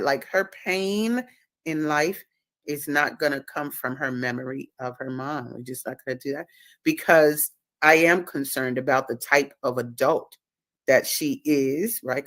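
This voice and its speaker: Low-pitched woman hosting a live stream, preachy and emphatic, dry close sound. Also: measured pace, fairly bright tone, dry recording. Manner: emphatic, preachy, repeats words for stress. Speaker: host and author. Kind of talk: casual livestream talk.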